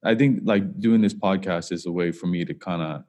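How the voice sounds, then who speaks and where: Deep-voiced man hosting a podcast. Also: dark tone. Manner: reflective, halting, many fillers. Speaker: podcast host. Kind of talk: casual podcast interview. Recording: long hall reverb.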